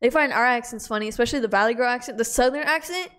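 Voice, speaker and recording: Young adult woman, podcast co-host, bright-pitched, playful teasing delivery, loose slang. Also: rapid-fire. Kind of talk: casual chat.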